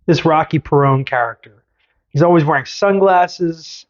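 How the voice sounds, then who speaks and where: A man's voice: mid-range voice, fairly even intonation, fairly quick, lo-fi sound. Man spinning a playful story. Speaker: podcast host. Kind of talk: casual storytelling chat.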